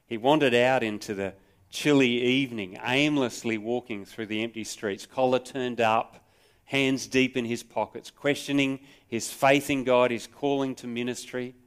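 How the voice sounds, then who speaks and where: Smooth-voiced Australian pastor preaching. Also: male voice, mid-range voice, steady tone, moderate pace. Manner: conversational, with rhetorical questions and dramatic storytelling. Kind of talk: sermon. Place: church service, recorded live.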